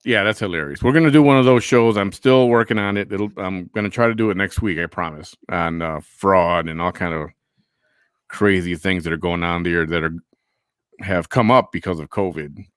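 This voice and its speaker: A man's voice: deep voice, normal speed, clean tone, no room sound, studio quality. A man hosting a casual chat show, rambling and repeating himself. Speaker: host.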